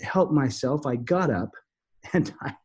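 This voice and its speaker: A middle-aged man telling a personal story as a podcast guest, earnest and halting, often restarting his sentences. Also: mid-range voice, expressive, a little mellow, husky. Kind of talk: storytelling in an interview.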